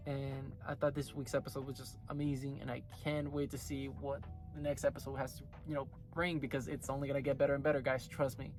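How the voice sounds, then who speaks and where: A man casually recapping and reviewing an anime episode, rambling with lots of filler words. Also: a little high. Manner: rambling, full of "like" and "you know" fillers.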